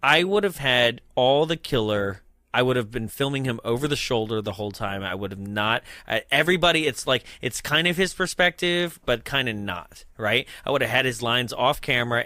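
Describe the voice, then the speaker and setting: A man co-hosting a movie podcast in casual chat, animated and jokey, acting out scenes from the film. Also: mid-range voice, normal speed, no room sound, studio quality. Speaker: podcast co-host.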